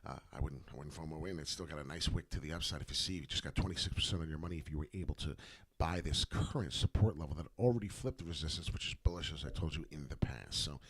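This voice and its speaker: A man's voice: rumbling low, fast talker, husky. A man giving casual, rambling commentary on crypto price charts, full of fillers and words repeated for emphasis. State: hiccuping.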